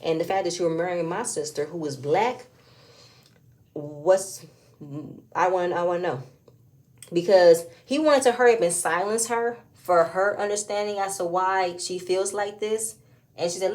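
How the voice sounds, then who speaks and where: A woman's voice: fairly low pitch, normal speed, a little mellow. Opinionated woman recapping a reality show. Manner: opinionated, rising to emphatic outbursts. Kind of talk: casual recap commentary.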